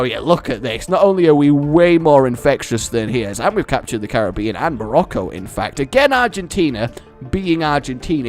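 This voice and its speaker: A man hosting a let's play, commenting in an animated, joking way and rambling off on tangents. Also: mid-range voice, brisk, faint music behind. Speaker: gaming channel host.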